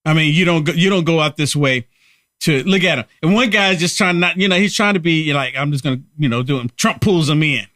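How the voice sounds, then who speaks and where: A man's voice: on the high side, brisk, a bit bright, dry recording, clean studio sound. A man hosting a live political commentary stream, talking emphatically and repeating himself to rally viewers. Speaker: host of a political livestream.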